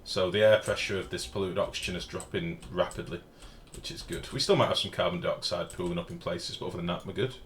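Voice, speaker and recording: A man with a low voice, talking through a live game stream in a loose, chatty way and answering viewers as he plays. He swears casually, and faint street sounds drift in from an open window. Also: quick pace, few pauses. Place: home room with the window open. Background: faint outdoor street noise.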